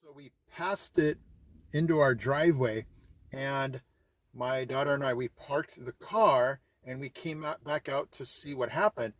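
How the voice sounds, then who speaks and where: A man's voice: medium pitch, measured pace, no echo. A middle-aged man, hosting his vlog and telling a story casually, acting out his own reactions as he goes. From California. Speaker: vlog host.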